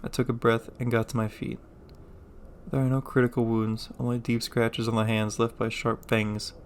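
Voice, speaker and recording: A man's voice: medium pitch, flat delivery, moderate pace, slight background noise. Male gamer, reads on-screen text aloud, dry joking asides, mid voice. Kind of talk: reading game text aloud with casual commentary.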